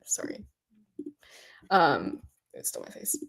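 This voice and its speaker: A woman's voice: rumbling low, huge pitch swings, slow, vocal fry, a bit bright, husky. A woman hosting a coding workshop on a livestream, chatting casually and gushing over what she sees with lots of giggles and "oh my God.". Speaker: workshop host.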